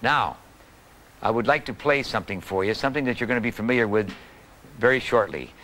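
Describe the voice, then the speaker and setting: A man giving a calm, patient drum lesson for beginners, counting and calling out the strokes. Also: medium pitch, low-quality recording. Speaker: drum teacher. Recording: old video tutorial with loud drums. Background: snare drum playing.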